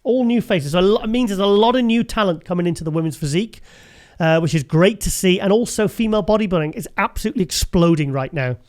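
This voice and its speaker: Male host, higher pitch, loose rambling chat with frequent laughs. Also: expressive, quick pace. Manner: chatty, rambling, laughs often. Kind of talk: casual show commentary.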